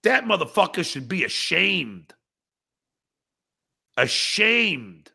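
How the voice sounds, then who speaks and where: Gravelly, animated man ranting as a podcast host. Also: high voice, slow. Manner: angry, profane, bursts into shouting; reads viewer chats aloud with mocking replies. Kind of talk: livestream rant at chat commenters.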